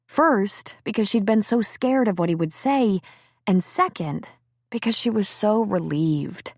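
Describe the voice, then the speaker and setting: A woman narrating an audiobook in an expressive, storytelling manner. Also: medium pitch, unhurried, dry recording, studio quality.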